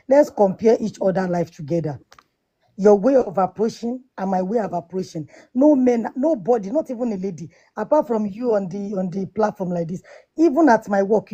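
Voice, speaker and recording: A woman's voice: medium pitch, mellow. A woman on a live audio panel debate, lecturing emphatically and repeating her points. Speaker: panel speaker.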